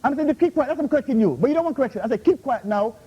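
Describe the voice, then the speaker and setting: His voice extremely high, warm and expressive, an invited Islamic speaker fires off a rapid rebuttal in a heated university Q&A, scolding a questioner and demanding "Huh? How?" again and again. Arabic terms slip into his English, and the lo-fi recording sounds muffled.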